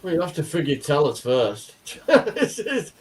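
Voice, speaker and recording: A man with a fairly high voice that swings lively up and down. He teases the others and laughs a lot in relaxed live-stream banter. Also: a little slow, a little hiss or hum. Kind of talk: casual chat.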